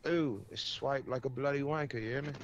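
A man's voice: mid-range voice, a little fast, background noise, close to an everyday voice. A man voicing a cocky, foul-mouthed British man in a put-on British accent, swaggering and profane during a game.

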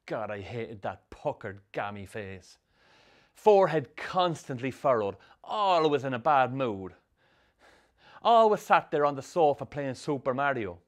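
An actor narrating a film as a troubled young Irish man with a Sligo accent, telling his rough youth in a dry, sardonic way. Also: medium pitch, big pitch swings, unhurried. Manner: dry, sardonic storytelling with strong swearing. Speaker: narrator, the film's lead. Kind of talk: scripted film voice-over.

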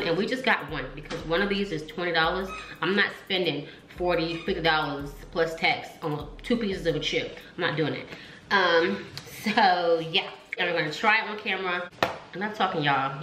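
A woman's voice: lowish voice, fairly quick, noisy background. A young woman vlogging casually to camera, chatty and slangy, calling out to her viewers often. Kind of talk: casual vlog chat to camera. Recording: echoey room.

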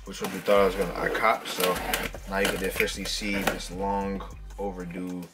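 A man talking casually and excitedly as he unboxes fitted hats for his vlog, full of slang. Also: low-pitched, a little fast, very noisy. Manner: excited slangy hype talk. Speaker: hat vlogger.

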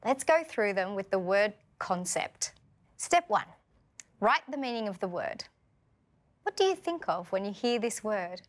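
A woman with an Australian accent teaches a scripted vocabulary lesson, speaking clearly and patiently and asking learners questions. Her voice is mid-range with big pitch swings, and she talks a little slowly.

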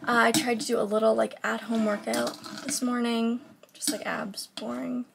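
A young woman talking candidly to the camera in a casual vlog, low and short of breath, often dropping to a soft near-whisper. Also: little pitch movement, moderate pace, vocal fry, very noisy. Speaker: vlogger.

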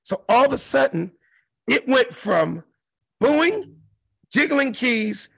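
A man's voice: very high-pitched, animated, a little slow, gravelly, fairly bright tone, husky, no echo. A middle-aged man from South Central Los Angeles, a comedian telling a profane, emphatic story as an interview guest. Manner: profane, emphatic, mimics crowd noises. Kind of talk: animated storytelling.

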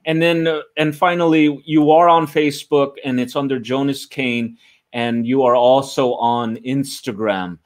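A man hosting a live online show, wrapping up an interview in an unhurried, announcer-like way. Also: mid-range voice, steady tone. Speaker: host.

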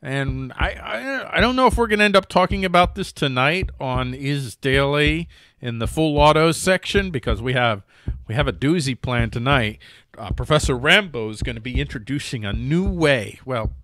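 A man's voice: medium pitch, expressive, normal speed, a bit bright, no room sound, clean studio sound. A man hosting a news commentary show, rambling and jokey with many restarts. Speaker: host.

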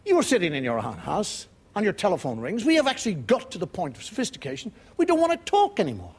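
A male comedian with a very high voice that swoops up and down with life. He performs a wry, mock-indignant stand-up monologue and swears freely. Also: wildly swooping pitch, quick pace, husky. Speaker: comedian host. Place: TV studio before a live audience.

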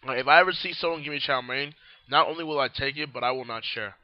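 A man's voice: medium pitch, fast, no echo, muffled recording. A young man hosting a casual solo newscast, his voice groggy and worn out, rambling and talking while he eats. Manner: rambling, talks while eating and drinking. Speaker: host.

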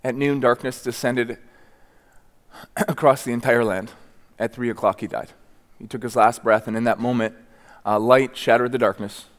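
Man, pastor, sermon, earnest, repeats and restarts words, mid pitch, long church reverb. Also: fairly even intonation, moderate pace. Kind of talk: sermon with scripture reading. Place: church sanctuary.

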